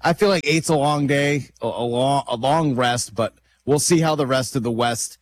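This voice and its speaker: A man co-hosting a sports talk show, bantering quickly and often repeating words as he thinks aloud. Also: mid-range voice. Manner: lively, repeats words, quick back-and-forth. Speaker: sports radio co-host.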